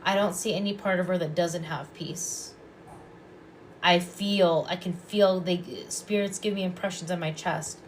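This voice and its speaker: A woman giving intuitive readings on a live stream. She talks calmly and softly and often repeats her phrases. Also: on the low side, a little slow, slight background noise. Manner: calm, soft-spoken, repeats phrases. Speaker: psychic reader and past life regressionist.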